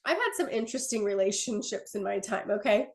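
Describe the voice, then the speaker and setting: A woman's voice: medium pitch, lively intonation, fairly quick. A young adult woman giving a casual sales training talk over a video call, chatty and earnest, with many fillers and restarts as she reads from her notes.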